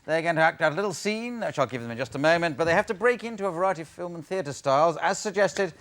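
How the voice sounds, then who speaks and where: A man's voice: a little high, lively intonation, quick pace, a bit bright. Dry man hosting a TV show. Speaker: host. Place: TV studio with live audience. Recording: studio audience and noise behind.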